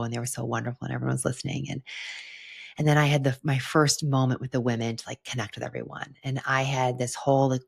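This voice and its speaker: Young woman podcast host, low and husky, earnest and reflective, casual filler-heavy delivery. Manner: earnest, heartfelt, with frequent "like" fillers. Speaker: podcast host and retreat leader. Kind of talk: reflective solo podcast monologue.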